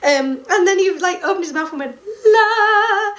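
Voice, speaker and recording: A young woman with a high, light voice tells a story for her vlog. She gushes excitedly and fills her sentences with likes and ums. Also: fast, far from the mic. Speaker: music fan vlogger.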